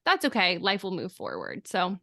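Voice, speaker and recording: A woman's voice: fairly low pitch, huge pitch swings, normal speed, sharp tone, no echo, studio quality. A young woman co-hosting a podcast, chatting casually and a bit rambling while her voice sounds nasal from a cold. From California. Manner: self-deprecating, rambling. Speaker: podcast co-host. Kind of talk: casual chat.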